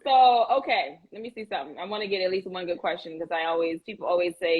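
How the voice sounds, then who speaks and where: A woman's voice: medium pitch, sing-song, slightly rough, narrow, tinny audio. A woman hosting a casual live chat, bubbly and teasing, reading out viewer comments. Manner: bubbly, teasing, quick to laugh. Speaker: livestream host.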